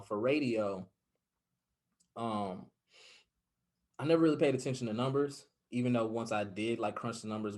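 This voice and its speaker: A young man who is a podcast guest, telling his stories in a casual, excitable interview chat. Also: fairly low pitch. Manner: animated storyteller, excitable.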